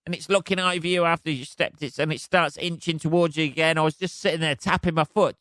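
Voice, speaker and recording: A man hosts his own podcast, ranting and swearing in a casual, exasperated way. His voice sits fairly high for a man. It sounds dry and close, with no room echo. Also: steady tone, fast, pushed and bright. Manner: sweary, exasperated, laughs at himself. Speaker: podcast host. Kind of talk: casual solo rant.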